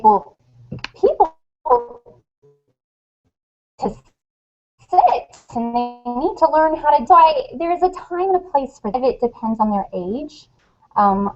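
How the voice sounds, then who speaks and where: A woman guest author chatting on a webcast, telling lively stories and acting out quotes. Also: a little high. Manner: animated storyteller, acts out quotes. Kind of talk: casual webcast chat. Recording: dull lo-fi webcast audio.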